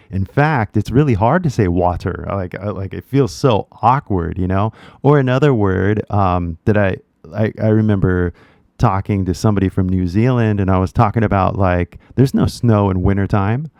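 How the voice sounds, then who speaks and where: Male accent coach, Californian accent, easygoing slangy delivery, low-pitched, dry sound. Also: moderate pace, darkish tone, no room sound, lo-fi sound. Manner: laid-back slangy talk, keeps tagging "right?". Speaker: English accent teacher. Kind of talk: casual spoken lesson.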